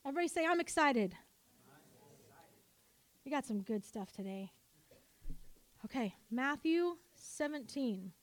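High-voiced woman preaching a lively sermon. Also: a little slow, pauses often. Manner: animated, calls for congregation responses. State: coughing, choked up.

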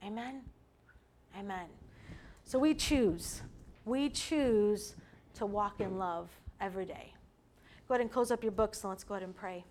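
A woman preaching a sermon to a women's group, earnest and dropping to a soft hush for emphasis. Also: mid-range voice, unhurried, long pauses, slight background noise. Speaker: women's ministry speaker.

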